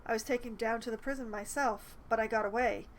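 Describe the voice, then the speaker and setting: A woman's voice: fairly high pitch, steady tone, brisk, slight background noise, natural voice, rough recording. A woman reading aloud the game dialogue of a frightened man who babbles anxiously about vampires hunting him.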